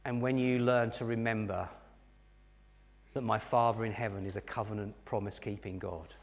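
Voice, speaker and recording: A middle-aged English man preaching a sermon, telling a personal story earnestly and dropping to soft, intense moments. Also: fairly low pitch, fairly even intonation, moderate pace, creaky. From England. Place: church hall. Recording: long hall reverb.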